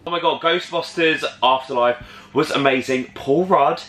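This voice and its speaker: A young man, vlogging in an excitable, chatty way as he talks to the camera. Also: fairly high pitch, moderate pace, roomy sound. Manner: excitable, chatty, lots of "like" and "oh my God". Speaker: travel vlogger. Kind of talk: casual vlog chat to camera.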